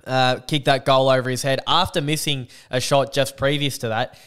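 A man with an Australian accent and a lisp, hosting a casual sports podcast with blunt, animated opinions. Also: mid-range voice, normal speed, smooth. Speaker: podcast host.

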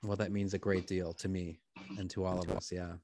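A man who is a priest, hosting a live prayer program over a video call and answering participants in a gentle, affirming, reflective way. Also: deep voice, little pitch movement, a little fast, gravelly. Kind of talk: pastoral conversation.

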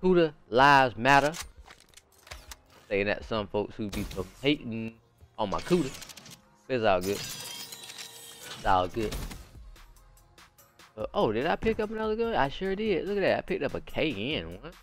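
Lively young man commenting on his game. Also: mid-range voice, brisk, faint music behind. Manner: animated, slangy, repeats phrases, sudden excited yelps. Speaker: gaming channel host. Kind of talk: casual gameplay commentary.

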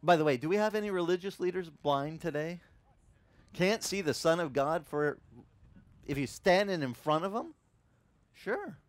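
A man's voice: on the high side, normal speed, long pauses, dry recording. A pastor with a Hawaiian accent preaching a sermon, acting out voices and joking with his congregation. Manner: animated, acts out voices and asides to the congregation.

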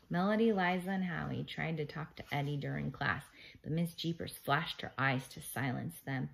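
A woman reads a children's chapter book aloud, narrating in an animated storytelling voice. Her voice sits on the lower side. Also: normal speed, creaky, rough recording. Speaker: reader.

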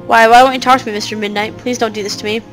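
A woman's voice: on the high side, fairly even intonation, very fast, soft background music, natural voice. A woman voicing a troubled young girl who pleads anxiously with her cat and the adults around her. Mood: pleading.

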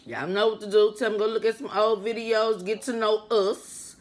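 A young woman chatting loudly and playfully to her viewers while eating a meal on mic. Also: mid-range voice, moderate pace. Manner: chatty, loud and playful, talks to viewers as friends; eats on mic between remarks, with mouth sounds. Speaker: food vlogger. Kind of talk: casual mukbang eating vlog.

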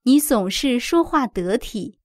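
A woman reading short prompts for a language lesson in a brief, even, neutral manner. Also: fairly high pitch, measured pace, dry recording, clean studio sound. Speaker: prompt reader for translation drills.

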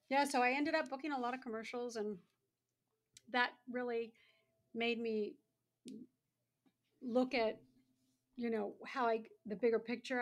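A woman in her sixties tells stories as a podcast guest, her voice a little high. She talks casually and animatedly, slipping into the voices of the people she quotes. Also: gravelly. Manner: animated, acts out other people's lines. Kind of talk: casual storytelling.

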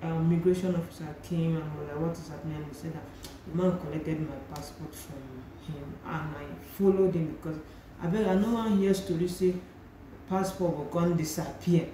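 A woman's voice: low voice, steady tone, a little fast, mellow, slight background noise. A young Nigerian woman with a Nigerian accent, animatedly retelling a personal story in a vlog and slipping into pidgin phrases. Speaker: vlogger. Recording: very echoey room, faint ambience.

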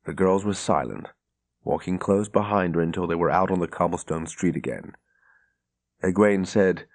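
A man reading a fantasy audiobook in scripted narration, measured and steady. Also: low-pitched.

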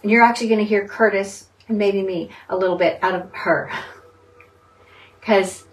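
Bible study teacher, distant mic. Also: female voice, mid-range voice, steady tone, a little slow. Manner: earnest, dwells on single words. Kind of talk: conversational group teaching. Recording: distant mic, faint background noise.

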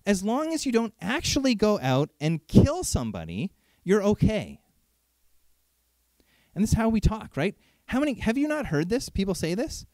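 A man preaching in an animated, chatty way, leaning on rhetorical questions to pull the congregation in. His voice sits high for a man and swoops all over the place. The sound is dry and close. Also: normal speed, no echo. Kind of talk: sermon.

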